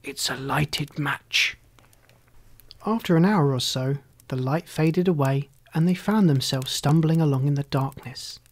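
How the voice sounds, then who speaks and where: A calm, measured storyteller reading aloud from a storybook. The voice sits at a middle pitch and moves along steadily, unhurried and plain. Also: no echo. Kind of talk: storybook narration.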